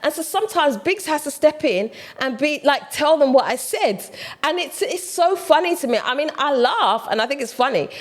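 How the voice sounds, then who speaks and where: A woman with a British accent, talking casually to camera in a chatty, animated way. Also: high voice, moderate pace. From United Kingdom. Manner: chatty, animated, mimics other voices. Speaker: vlogger.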